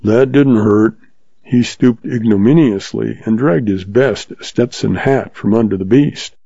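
Husky, dark-voiced man narrating a story. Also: lowish voice, unhurried, no room sound. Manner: steady storytelling delivery. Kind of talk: scripted audiobook narration. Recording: slightly dull, dry recording.

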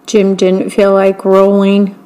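Slow, gentle woman reading a picture book. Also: medium pitch, monotone, low-quality recording. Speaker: storybook reader.

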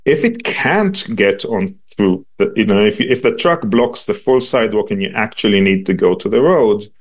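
A man giving patient, measured interview answers about a device he designs, often pausing on ums and restarting phrases. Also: on the low side, lively intonation.

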